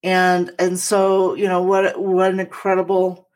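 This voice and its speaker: A woman speaking thoughtfully about faith and prayer on a talk show, halting slightly as she gathers her words. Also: on the low side, completely flat delivery, a little mellow. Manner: slow and thoughtful, halting starts.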